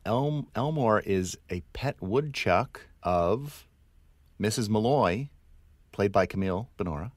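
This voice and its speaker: A man's voice: fairly low pitch, lively intonation, takes it slowly, dry recording. A man hosting a casual podcast interview, playfully quizzing his guest. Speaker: podcast host.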